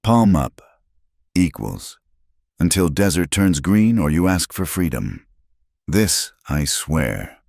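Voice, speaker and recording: A man's voice: sits low, big pitch swings, takes it slowly, gravelly, a little mellow, no echo, clean studio sound, full character voice. A man voicing a terse solemn warrior. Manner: terse broken English, short clipped phrases. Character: solemn proud Apache warrior man, clipped speech.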